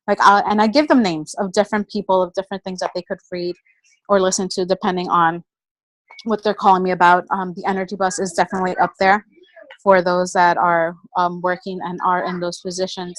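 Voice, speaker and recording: Energetic woman sharing a motivational story. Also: fairly low pitch, a little fast, slight background noise, rough recording. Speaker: motivational speaker. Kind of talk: personal motivational talk.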